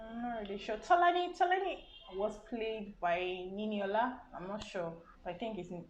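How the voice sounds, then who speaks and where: A woman's voice: mid-range voice, lo-fi sound, slight background noise. Chatty Nigerian woman reviewing a film. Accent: Nigerian English. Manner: rambling, many "um" and "I mean" asides. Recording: roomy sound with music behind.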